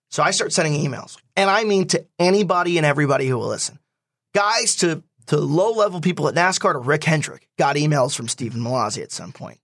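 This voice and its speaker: A young man telling a personal story in casual talk, animated and quick to quote others. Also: fairly high pitch, dry recording.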